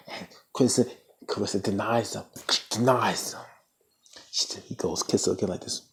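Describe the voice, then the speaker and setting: A man casually recapping a TV episode in an animated, slangy way, full of playful asides. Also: lowish voice, normal speed, creaky. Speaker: TV recap vlogger.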